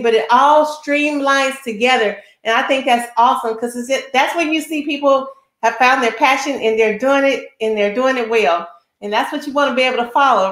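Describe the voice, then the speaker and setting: High-voiced energetic woman host, roomy echo. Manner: energetic, chatty, keeps asking "right?". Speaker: show host. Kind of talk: upbeat talk-show introduction.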